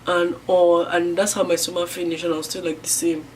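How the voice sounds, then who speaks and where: A young woman from Niger telling a personal story to camera in a rambling way, full of fillers. She swings from loud bursts to hushed near-whispers. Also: on the low side, little pitch movement, brisk, slight background noise. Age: young adult. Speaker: vlogger.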